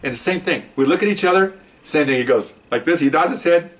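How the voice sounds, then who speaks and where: An older man, a retired police officer, telling a story in a casual, animated way and acting out the people he quotes. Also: fairly high pitch, quick pace. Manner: animated, acts out quoted voices.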